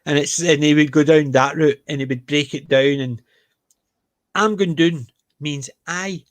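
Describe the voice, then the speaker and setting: A man's voice: fairly high pitch, steady tone, normal speed. A Scottish man with a light Glaswegian accent, chatting casually on a panel and retelling stories. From Scotland. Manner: chatty, storytelling with repeated phrases. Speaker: panel host. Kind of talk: casual chat.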